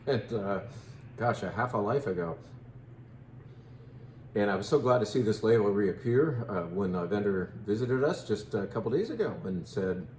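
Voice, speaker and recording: A man in his fifties hosts a relaxed wine tasting in a lowish voice, chatty and quick with playful asides on pronunciation. The sound is roomy and echoey, with a faint hum of noise underneath. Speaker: wine shop host. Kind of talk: casual wine tasting talk.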